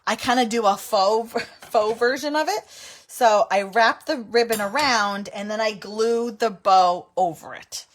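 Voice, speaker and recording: A middle-aged woman hosts a live crafting stream, narrating each step in a chatty, giggly way. Her voice sits a little high for a woman, and she keeps talking to viewers as she works. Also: a little slow. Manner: chatty, giggly, breaks into helpless laughter. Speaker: card-making livestream host.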